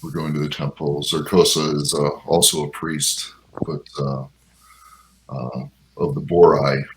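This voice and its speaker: Man, tabletop player; extremely low, flat voice, faint background noise. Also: a little slow. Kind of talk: casual tabletop game chat.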